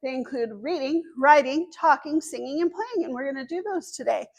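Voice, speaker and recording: A woman librarian leading a story time for young children, animated and sing-song, speaking slowly and clearly for little ones. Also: sits high.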